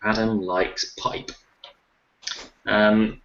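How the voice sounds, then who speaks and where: A man hosts a relaxed racing podcast, his voice bright and forward. He jokes and teases his co-hosts as he wraps up the show. The sound is roomy and a little lo-fi. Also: mid-range voice, a little fast. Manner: joking, teasing, laughs often. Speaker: podcast host. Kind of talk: casual chat. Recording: roomy lo-fi recording.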